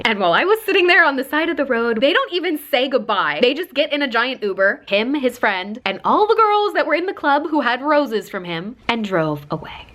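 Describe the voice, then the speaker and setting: A woman's voice: fairly high pitch, fairly bright tone. A young woman in her twenties telling a chatty storytime, full of likes and quoting people in put-on voices. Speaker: lifestyle vlogger. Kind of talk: casual storytime.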